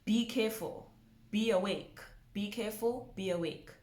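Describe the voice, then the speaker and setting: A woman teaching a pronunciation lesson, slowly repeating each word with care. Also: mid-range voice, darkish tone, echoey room. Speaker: language teacher.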